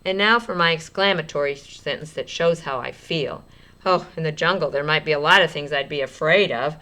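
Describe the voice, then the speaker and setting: A woman teacher with a low-pitched voice leads young children in a writing lesson. She sounds out words slowly as she writes and encourages them gently.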